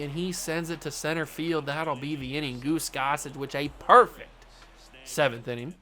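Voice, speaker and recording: A young man giving casual, jokey play-by-play commentary on a baseball video game he is playing, with sudden loud outbursts. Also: a little high. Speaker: gaming YouTuber.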